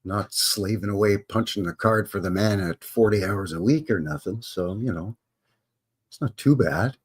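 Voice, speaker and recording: With a lowish, husky voice and a moderate pace, this host, a man in his fifties from Canada, runs a laid-back live-stream chat. He rambles and jokes freely, now and then breaking into goofy voices.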